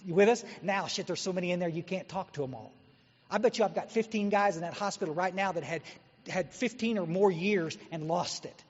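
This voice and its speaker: A man's voice: sits high, fairly quick. A man from Texas giving a guest talk at a recovery meeting, blunt and exhorting as he tells his story. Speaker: guest speaker. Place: meeting hall. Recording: dull echoey hall recording.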